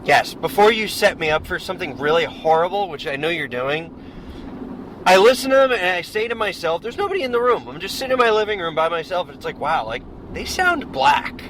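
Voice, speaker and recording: A man with a high, sing-song voice talks at a quick pace, with poor audio and loud road noise from the car he's in. Co-hosting a podcast on the road, he chats casually and emphatically, rambling through his opinions.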